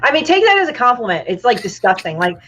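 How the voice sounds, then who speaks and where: A woman's voice: fairly high pitch, big pitch swings, fast, a bit bright, dull audio, a little hiss or hum. A woman guest telling stories in casual chat, blunt and profane, over a video call. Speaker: guest comic artist.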